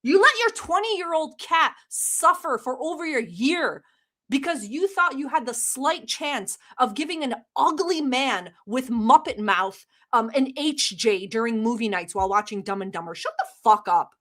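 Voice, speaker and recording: A woman's voice: a little high, big pitch swings, moderate pace, fairly bright tone. A woman from the Middle East hosting a reaction channel, talking bluntly with sarcasm and swearing as she comments on clips. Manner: blunt, profane, sarcastic ranting.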